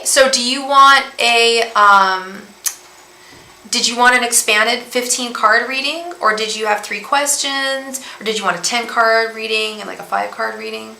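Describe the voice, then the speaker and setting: A woman's voice: medium pitch, creaky, pushed and bright, echoey room, slight background noise, low-quality recording. A woman, a tarot reader on a casual livestream, talking in a rambling way full of fillers and restarts. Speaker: tarot reader and psychic medium.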